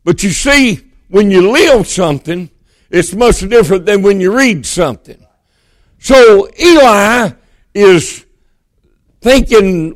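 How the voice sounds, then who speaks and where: A man from Georgia preaching a sermon, telling the story in a folksy way that swings between emphatic bursts and hushed, quiet moments. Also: high-pitched, lively intonation, unhurried, dry recording.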